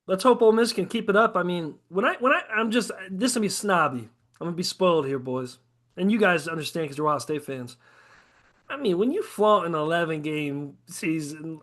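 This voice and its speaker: A man with a high, light voice holds forth in loose podcast chat. He swears freely, rants with gusto and slips into mocking put-on quotes to make his points. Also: a little fast. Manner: profane, animated ranting with mocking quoted asides. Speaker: podcast co-host. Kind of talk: casual sports chat.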